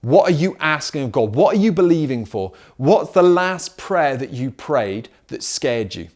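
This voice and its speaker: A man's voice: fairly high pitch, very animated, a little slow, a little mellow. A middle-aged man preaching a sermon as pastor, driving his points home with repeated questions. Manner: emphatic preaching with rhetorical questions.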